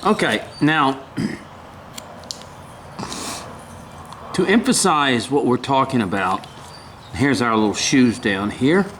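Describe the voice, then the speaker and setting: An older man giving a casual woodcarving demonstration, talking haltingly, often clearing his throat and apologizing. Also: medium pitch, lively intonation, fairly bright tone, a little hiss or hum. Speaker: woodcarving instructor.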